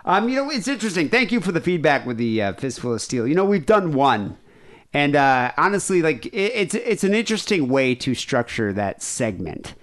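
This is a man hosting a call-in podcast, talking loosely and circling back on himself. His pitch moves up and down a lot as he riffs between calls, never quite landing a sentence cleanly. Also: very animated, moderate pace. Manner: rambling, loose, frequent fillers and restarts. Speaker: podcast host. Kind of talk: casual call-in show chat.

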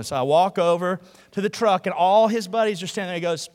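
A man's voice: high voice, quick pace, a little mellow. A man preaching a sermon, telling stories with animation and acting out the other people's voices in a large church hall. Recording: long hall reverb.

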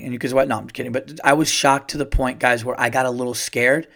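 A middle-aged man hosts his podcast and tells a long personal story. He rambles, gets excited and swears freely. His voice sits in an ordinary middle pitch. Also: quick pace, creaky, few pauses. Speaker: podcast host. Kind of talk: casual storytelling monologue.

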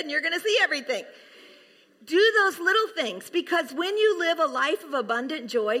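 A middle-aged woman preaching a sermon, moving from soft, hushed passages to high, laughing bursts of excitement. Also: moderate pace. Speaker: pastor's wife preaching.

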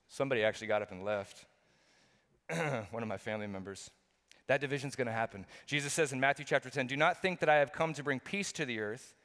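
In a church hall with long reverb, a middle-aged pastor preaches earnestly and emphatically, often restarting his sentences. He swings between loud bursts and quiet, low moments.

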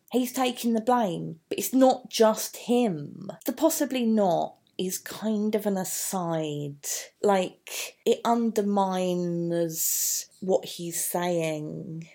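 A woman's voice: mid-range voice, creaky, mellow, husky. A woman teaching English poetry, chatty and thinking aloud with many asides. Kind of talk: poetry analysis lesson.

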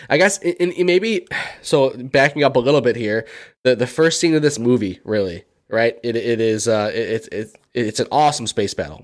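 A man co-hosting a movie podcast in casual chat, rambling with many restarts. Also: medium pitch. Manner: rambling, lots of restarts and repeated words. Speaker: podcast co-host.

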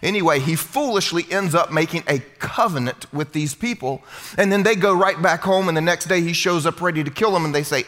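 A man preaching a sermon as pastor, animated and quizzing his congregation in a church. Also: fairly high pitch, a little fast, long reverb tail. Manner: animated, questioning the congregation directly. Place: church sanctuary.

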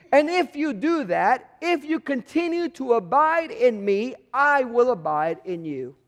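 A man with a very high voice gives a conversational sermon, asking rhetorical questions and acting out the voices he quotes. His words ring out with a long reverb in a big church hall. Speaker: pastor.

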